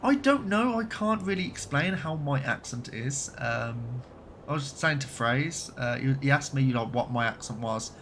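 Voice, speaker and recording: Chatting casually while live-streaming a game, a man from Birmingham, England swears occasionally and has a light Birmingham accent. He speaks at a normal speed in a mid-range, slightly bright voice. There's a little hiss or hum on the audio.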